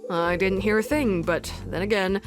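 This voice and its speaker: A woman's voice: medium pitch, normal speed, music in the background, natural voice. A woman voicing a laconic adult male detective in a video game, with dry, understated delivery.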